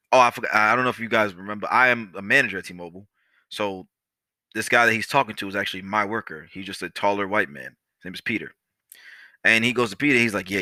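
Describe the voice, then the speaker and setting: A young man hosting a podcast, telling a story in a casual, animated, profane way and talking straight to his listeners. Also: lowish voice, no room sound. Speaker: podcast host.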